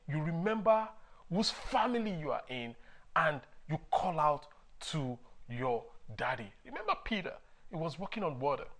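A lively male preacher weaves childhood stories into his sermon. His voice swings widely in pitch, and he breaks into chuckles and sudden shouts of emphasis as he speaks. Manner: animated, laughs often, shouts for emphasis. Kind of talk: sermon with personal storytelling.

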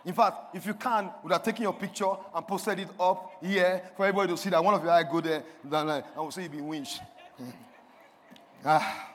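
A man preaching a sermon from a church stage, calling on the congregation to respond, swinging between shouts and quiet. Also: high-pitched, fairly even intonation, a little fast. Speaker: pastor. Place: church hall. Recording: long hall reverb.

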